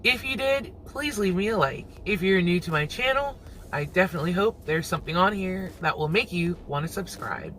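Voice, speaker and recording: A man hosting his own reaction channel, musing aloud in casual commentary and quick to laugh. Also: sits high, animated, sharp tone, a little hiss or hum, low-quality recording.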